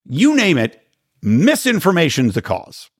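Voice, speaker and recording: Sarcastic man, lively pitch. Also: unhurried, breathy edge, no echo, clean studio sound. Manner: sarcastic, emphatic, occasional swearing. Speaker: political commentary host. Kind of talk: opinionated solo commentary.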